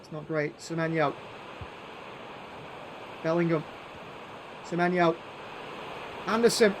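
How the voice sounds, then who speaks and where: A man giving play-by-play commentary over a football video game, calling names in short bursts and shouting when chances come. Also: on the high side, slow pace, a little hiss or hum. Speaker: gaming YouTuber doing live commentary.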